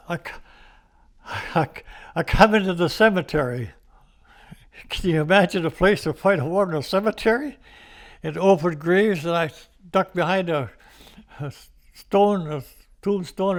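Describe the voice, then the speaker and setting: An older American man telling war stories in an oral history interview, rambling with restarts and little chuckles. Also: on the high side. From United States. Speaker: veteran interviewee.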